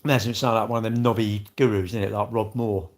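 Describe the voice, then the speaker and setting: Speaking at a quick pace with fairly even intonation, a man with a fairly low voice hosts a casual livestream. He wanders from topic to topic, pokes fun at himself, greets viewers and addresses them in asides.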